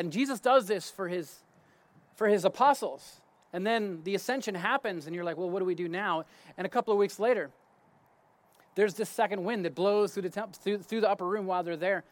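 A man's voice: high-pitched, fast. A man giving a casual spoken Bible teaching outdoors in his garden. He talks conversationally, restarts his sentences and checks in with "right?".

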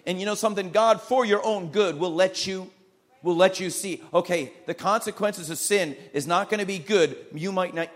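A pastor preaching a sermon with emphatic, repeated phrases and calls of amen to the congregation. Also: male voice, sits high.

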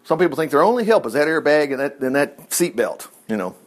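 Very animated and fast, this man's voice sits on the high side as he preaches an informal sermon on Bible passages. He's folksy and conversational, acting out voices while he teaches.

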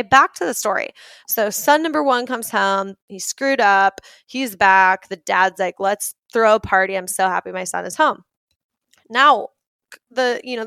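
A woman's voice: on the high side, pushed and bright, no echo. Chatty, earnest young woman, dry close sound. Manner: chatty, earnest, frequent "like" fillers. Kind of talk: casual motivational talk.

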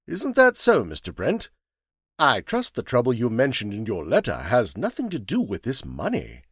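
Man reading portly police superintendent, formal, official, lively pitch, dry close sound. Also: normal speed, breathy edge, no echo, full character voice. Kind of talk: audiobook character reading.

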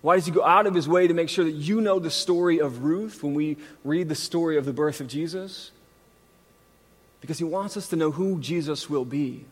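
A pastor in his thirties preaching a sermon, moving from scripture into a self-deprecating, animated family story. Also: fairly high pitch. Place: church sanctuary. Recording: long reverb from a large hall.

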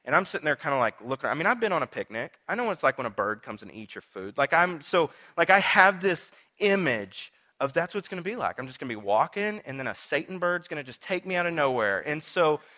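A male pastor preaching a sermon to a congregation in a casual, conversational way, moving between loud emphatic passages and hushed, slow ones. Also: on the high side, sing-song.

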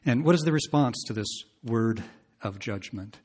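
A man's voice: medium pitch, lively intonation, normal speed, darkish tone. A man preaching an expository sermon, talking conversationally, asking his listeners questions and reading scripture aloud with rising emphasis.

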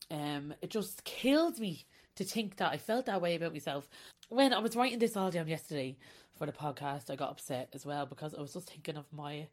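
Candid woman, lower voice. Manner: candid and confessional, breaking into laughter. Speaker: podcast host. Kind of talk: personal podcast monologue.

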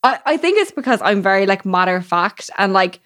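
A woman's voice: expressive, fairly quick, a bit bright, no echo, studio quality. A young woman hosting a casual chat, swearing freely and laughing a lot. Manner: chatty, swears a lot, laughs often, high baby-talk impressions. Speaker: podcast host.

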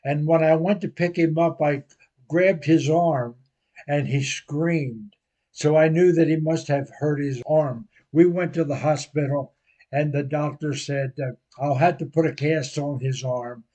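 An older man preaching a sermon, telling a personal story slowly and earnestly. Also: fairly high pitch, fairly even intonation, mellow. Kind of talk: sermon testimony.

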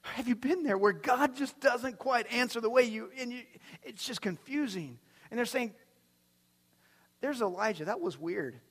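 A man preaching a sermon as pastor, animated and swinging from hushed to loud. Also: extremely high pitch, moderate pace. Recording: long reverb from a large hall.

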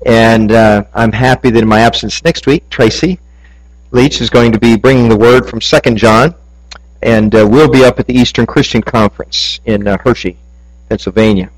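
A man's voice: medium pitch, normal speed, poor audio. A man preaching a sermon to his congregation, earnest and building to emphatic peaks. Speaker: pastor.

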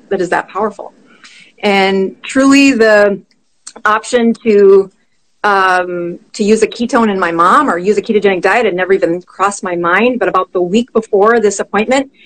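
A middle-aged woman, a physician guest, telling a personal story in conversation, animated and quick to laugh. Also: on the high side, poor audio.

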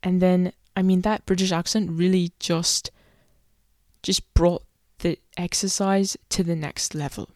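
A woman's voice: lowish voice, steady tone, unhurried, darkish tone, no room sound. Chatty young woman, dry close mic. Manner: chatty and self-deprecating, laughs while telling stories. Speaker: podcast host. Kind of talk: solo podcast monologue.

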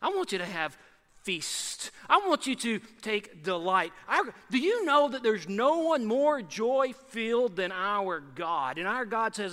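Pastor, man, high bright voice, lively conversational sermon, big hall reverb. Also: unhurried. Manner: lively, conversational preaching with repeated rhetorical questions.

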